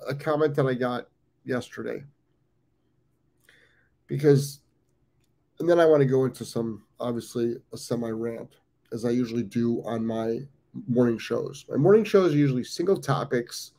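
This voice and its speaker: A fifty-something American man hosts a live stream, talking off the cuff. His voice is gravelly and dark, and he loops back over his phrases with plenty of ums. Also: mid-range voice, normal speed, pauses often. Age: 50s. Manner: rambling, repeats phrases, frequent ums. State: has the hiccups. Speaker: dog training show host. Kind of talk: casual live-stream talk.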